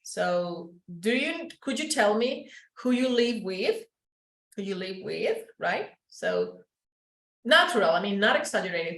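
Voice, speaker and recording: A woman from Colombia with a Paisa Spanish accent, teaching an English class and modelling sounds slowly, slipping into Spanish to explain. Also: mid-range voice, lively intonation, fairly bright tone, echoey room, rough recording.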